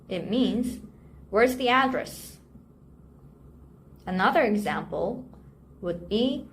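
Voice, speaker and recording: A woman teaching a language lesson, repeating example sentences slowly and carefully before translating them. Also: mid-range voice, animated. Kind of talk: slow, clear language lesson. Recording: faint background noise.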